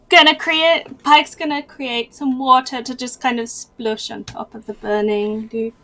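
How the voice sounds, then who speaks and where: A high, bright-voiced woman describes her character's moves in a tabletop game. She talks calmly, with a faint hiss behind her. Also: measured pace. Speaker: player.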